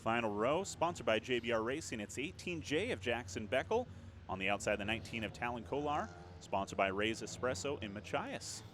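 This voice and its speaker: A man's voice: mid-range voice, expressive, a little fast, a bit bright, slight background noise. A man co-commentator reading out a starting lineup on a race broadcast.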